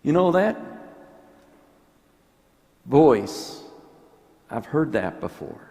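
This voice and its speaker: Slow-preaching priest in an echoing church. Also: male voice, medium pitch, very animated, warm tone. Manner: slow, reflective preaching with pauses and restarts. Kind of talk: homily. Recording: long church reverb.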